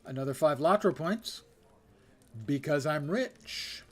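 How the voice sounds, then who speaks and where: A man's voice: on the high side, expressive, slow pace, breathy edge. Wry older man streaming a game. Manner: wry, self-deprecating, reads quest text aloud. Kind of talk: casual gameplay commentary.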